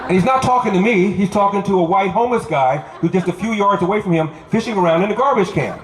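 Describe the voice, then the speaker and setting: A man's voice: high-pitched, expressive, fast. A man from Los Angeles speaking as a candidate at an outdoor rally, telling stories and hammering home short repeated lines. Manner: storytelling with punchy repeated lines. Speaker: political candidate. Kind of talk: outdoor campaign rally speech. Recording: echoey crowd recording. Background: crowd noise.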